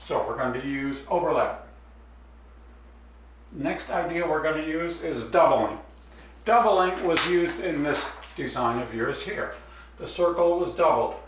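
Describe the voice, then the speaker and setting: A man's voice: a little high, lively intonation, unhurried, heavy reverb, recorded from a distance, a little hiss or hum, poor audio. A man explaining step by step as he draws a design in a drawing demonstration. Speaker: art teacher.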